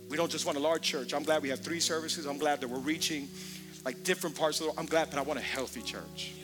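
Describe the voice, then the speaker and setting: A male pastor preaching a sermon, talking conversationally with repeated words and building to impassioned shouting. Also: medium pitch.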